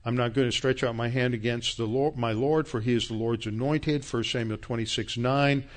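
A man's voice: medium pitch, steady tone, normal speed. A man preaching a sermon, citing scripture verses and scolding his listeners with growing force. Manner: emphatic, rising to angry scolding; quotes scripture references. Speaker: pastor.

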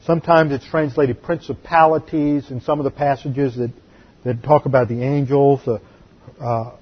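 A man, a pastor, teaching a Bible class in a deliberate, explanatory way and repeating key words. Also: medium pitch, fairly even intonation, husky, dull audio. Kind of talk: sermon-style Bible teaching.

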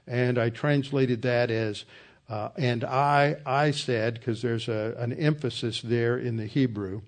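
A man of medium pitch leads a verse-by-verse Bible teaching. He explains word meanings patiently, often pausing with fillers and restarting his sentences as he quotes scripture. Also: darkish tone. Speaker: pastor teaching a Bible study.

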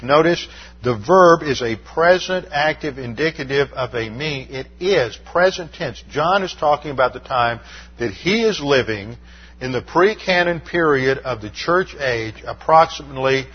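Husky-voiced man teaching Bible verses. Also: medium pitch, highs cut off. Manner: methodical, explains Greek terms, frequent uh fillers.

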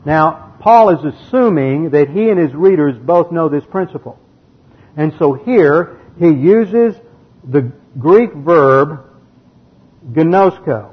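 Husky man teaching Bible grammar. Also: a little high, expressive, takes it slowly. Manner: methodical, explains grammar step by step, reads verses aloud. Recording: dull lo-fi recording.

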